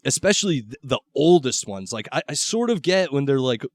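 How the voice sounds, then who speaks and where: A young man hosts a loose comedy podcast, blunt and profane as he jokes with guests. His pitch moves a lot, and the sound is dry and close. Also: big pitch swings, fairly quick, dry recording. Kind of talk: casual chat.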